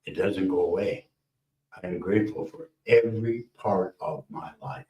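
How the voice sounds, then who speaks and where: A man's voice: deep voice, moderate pace, roomy sound, muffled recording. A man speaking as a guest in casual chat, blunt, joking and earnest.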